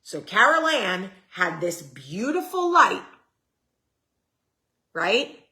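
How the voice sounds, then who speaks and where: A woman's voice: mid-range voice, very animated, drawn-out words, pushed and bright. A woman hosting a casual livestream, chatting straight to her viewers, answering their comments aloud and swearing casually. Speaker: host.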